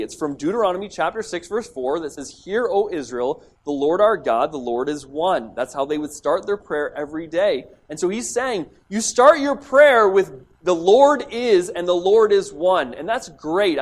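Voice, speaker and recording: Man giving a sermon, highish voice, really lively pitch, emphatic, restarts words a lot. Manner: emphatic, acts out quoted speech, repeats words when starting a thought. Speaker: preacher. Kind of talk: sermon teaching on scripture.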